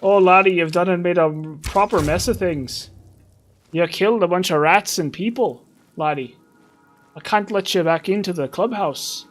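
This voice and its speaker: A man voicing a gruff older male Irish thief boss, scolding in a put-on Irish accent. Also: sits high, moderate pace, soft background music, voice pushed up, lightly acted. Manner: scolding, repeating laddie.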